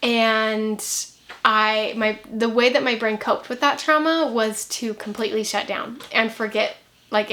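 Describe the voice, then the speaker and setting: A young woman vlogging to camera in a chatty, rambling way, talking quickly and laughing now and then. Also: fairly high pitch, bright, forceful tone. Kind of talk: casual chat to camera.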